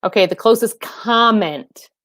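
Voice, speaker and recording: A woman's voice: medium pitch, measured pace, fairly bright tone, dry recording, studio quality. A woman fitness trainer hosting a casual live stream, chatting and laughing with viewers and calling them by name.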